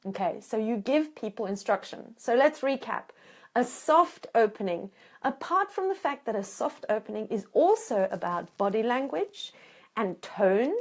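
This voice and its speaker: A woman relationship coach teaching in an animated, emphatic way, acting out bits of dialogue as she explains. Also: fairly high pitch, unhurried. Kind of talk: teaching talk to camera.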